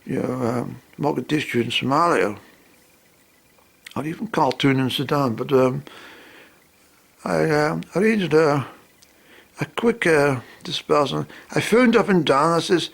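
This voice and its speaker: A man's voice: on the high side, measured pace, gravelly, long pauses. A man telling a humorous personal anecdote in a rambling way, full of fillers and asides. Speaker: storyteller.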